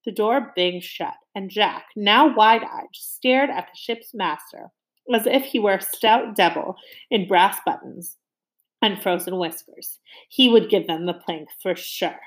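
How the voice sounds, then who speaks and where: A woman's voice: mid-range voice, a little slow. A woman reading a novel aloud to young listeners, stopping now and then to ask them questions. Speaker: reader.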